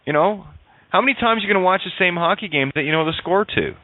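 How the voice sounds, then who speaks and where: A man in casual spiritual chat on a radio show, animated and joking, with frequent swearing. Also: high-pitched, fast, dry recording. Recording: dry tinny phone line.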